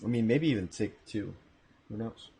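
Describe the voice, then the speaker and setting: A man's voice: fairly low pitch, moderate pace, gravelly, slight background noise. Chatty man casting a strategy game. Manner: relaxed, chatty, self-correcting asides. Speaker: esports caster. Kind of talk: live game commentary. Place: home room.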